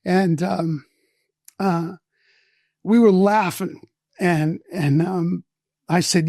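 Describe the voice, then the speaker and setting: Man, 60s, podcast guest: slightly high voice, dry close sound, animated storyteller. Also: drawn-out words, gravelly, pauses often, no echo. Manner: animated, profane anecdotes with quoted voices. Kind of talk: storytelling in casual conversation.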